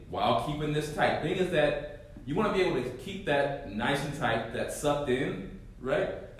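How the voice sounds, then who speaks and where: A male fitness coach demonstrating core exercises, talking listeners through each move and often checking with a quick "right?". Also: medium pitch. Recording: very echoey room, mic far off.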